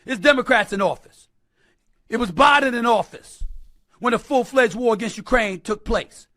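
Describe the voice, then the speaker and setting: Male commentator, very high bright voice, preachy and emphatic, dry clip. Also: no room sound. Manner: preachy, emphatic, rising to shouts. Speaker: sports commentator. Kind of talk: impassioned televised commentary.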